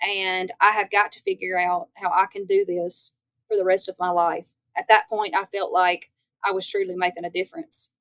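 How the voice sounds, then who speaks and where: A young woman from Northeast Louisiana with a Southern accent, chatting as an interview guest and telling stories in a lively way. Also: mid-range voice, normal speed, no room sound. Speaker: guest, country singer. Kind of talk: casual interview chat.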